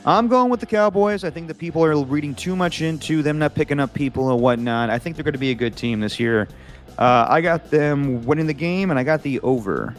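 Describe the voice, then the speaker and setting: A man co-hosting a casual sports picks chat over a video call, reading out matchups and then giving his takes in a relaxed way. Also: on the high side, fairly quick, soft background music. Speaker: co-host reading out games and picks.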